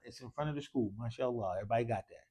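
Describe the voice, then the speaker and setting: A man's voice: medium pitch, rapid-fire, warm tone, slightly rough. A man teaching an Arabic class in a mosque classroom, leading call-and-response drills and quizzing students with casual, encouraging prompts.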